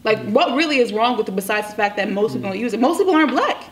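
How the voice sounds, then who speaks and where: A young woman student panelist in a casual discussion, talking in a quick, emphatic, challenging way. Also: on the high side, animated. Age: young adult.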